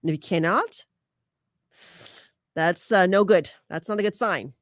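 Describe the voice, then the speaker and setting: A woman's voice: on the low side, unhurried, dry recording, clean studio sound. A woman hosting a casual advice podcast, chatty, laughing often and using many fillers. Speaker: podcast host.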